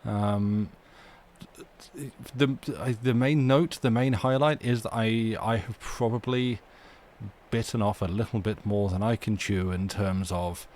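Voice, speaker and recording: A young man chats loosely into a desk microphone before a live reading. His voice sits a little low, and he wanders through restarts and self-deprecating asides in a relaxed way. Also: unhurried. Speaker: storyteller and stream host. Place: home streaming desk with a squeaky chair.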